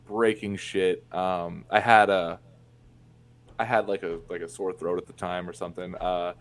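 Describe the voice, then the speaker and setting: Candid, swearing man with a low voice. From Indiana, USA. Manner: candid and profane, many fillers and restarts. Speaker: podcast guest. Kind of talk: casual interview storytelling.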